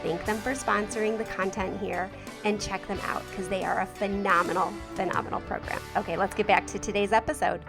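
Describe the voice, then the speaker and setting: A woman's voice: medium pitch, fairly even intonation, fairly quick, creaky, over music. A woman in her forties hosting a podcast, chatting casually and enthusiastically about family life and reading a sponsor message. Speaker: podcast host.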